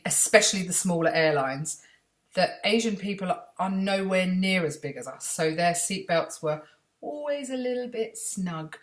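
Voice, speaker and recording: A middle-aged English woman vlogging from home, telling anecdotes in a chatty, self-mocking way and acting out the voices of people she met. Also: deep voice. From England. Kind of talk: casual storytelling to camera. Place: room at home.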